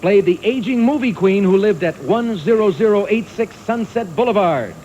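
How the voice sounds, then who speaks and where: Lively quiz show host, animated. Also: male voice, sits high, moderate pace, dull audio. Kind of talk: game show hosting. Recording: archival TV audio with faint hiss.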